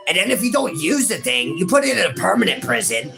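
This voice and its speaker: A man's voice: high-pitched, big pitch swings, fast, vocal fry, bright, forceful tone, faint music behind. A man co-hosting a game playthrough in casual banter, teasing and profane, dropping his partner's name into nearly every sentence. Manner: teasing, profane, keeps saying the other host's name. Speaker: co-host playing the game. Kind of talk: casual let's-play banter.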